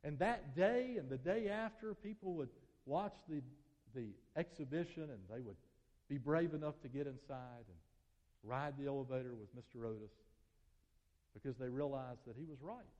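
A male pastor preaching a sermon, telling a story and leading prayer, swinging from loud emphatic peaks to soft hushed appeals. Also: medium pitch, animated, normal speed. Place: church sanctuary. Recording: dull sound, long hall reverb.

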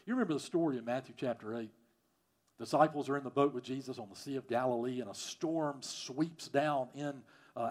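A man preaching a sermon, repeating phrases and swinging from loud emphasis to quiet, prayerful lines. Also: mid-range voice. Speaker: pastor.

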